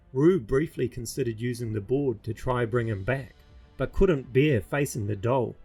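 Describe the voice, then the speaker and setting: A man reading his own fantasy novel aloud in a steady, measured storybook narration. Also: mid-range voice, husky, faint music behind.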